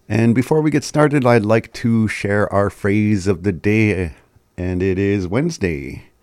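A man hosting a community radio show, teaching a phrase of the day in a relaxed way and chuckling often. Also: on the low side, a little slow, no room sound. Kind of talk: casual community radio talk.

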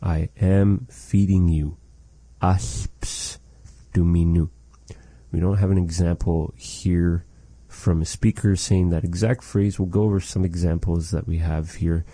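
Slow, deep-voiced man teaching a language. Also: steady tone, warm tone, slightly rough, dry recording. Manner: patient, repeats phrases slowly. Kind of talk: slow, careful language lesson.

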